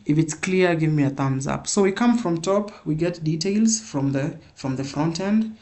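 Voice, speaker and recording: A man's voice: fairly high pitch, animated, moderate pace, a little mellow. A man teaching a live programming class, repeating points and checking in with "yeah?". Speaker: programming instructor.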